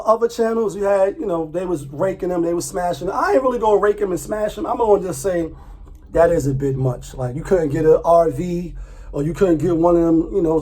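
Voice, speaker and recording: Man, high voice, husky tone, casual profane vlog rant. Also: a little mellow. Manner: loose, profane, repeats himself, laughs often. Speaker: vlogger. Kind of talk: casual commentary.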